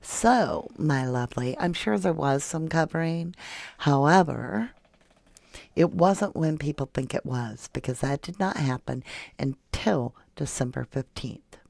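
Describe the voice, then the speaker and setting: True crime livestream host, chatty, sarcastic, reads viewer comments, middling pitch, dry close mic. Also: expressive, unhurried, creaky, darkish tone, no echo. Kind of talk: casual live-chat commentary.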